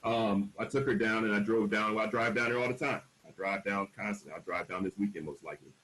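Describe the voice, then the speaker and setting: A man in his forties speaks in a somewhat low voice as a panel speaker, telling his own story frankly. He leans hard on key words and slips into the voices of the people he quotes. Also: fast talker, a bit bright, rough recording. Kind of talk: candid personal storytelling at a panel.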